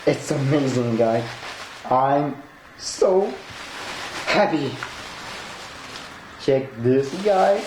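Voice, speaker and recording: A man who is not a native English speaker, unboxing a collectible, excitable, laughing often and swearing in broken English. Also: medium pitch, extremely slow, pauses often. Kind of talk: unboxing vlog. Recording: echoey room with noisy background.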